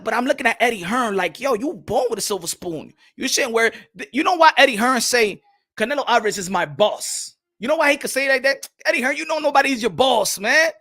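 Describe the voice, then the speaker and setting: A young man hosting a boxing talk stream, animated and swearing freely as he reads the chat. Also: extremely high pitch. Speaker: boxing commentator host.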